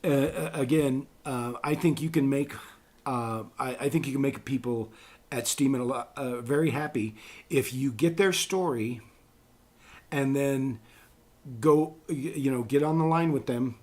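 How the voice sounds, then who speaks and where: Chatty male voice actor, mid-pitched. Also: unhurried, a little mellow. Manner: chatty, rambling storyteller. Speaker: voice actor guest. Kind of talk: casual interview chat.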